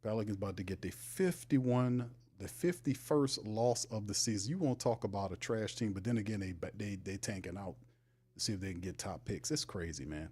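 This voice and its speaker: A man's voice: lowish voice, normal speed, a little mellow, husky. A man hosting a sports livestream, talking casually and animatedly, teasing his chat and laughing often. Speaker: sports show host.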